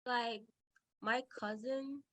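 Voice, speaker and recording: A woman's voice: fairly high pitch, fairly even intonation, very slow. A female student asking a question in class, hesitant and repeating herself. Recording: quiet, picked up from far off.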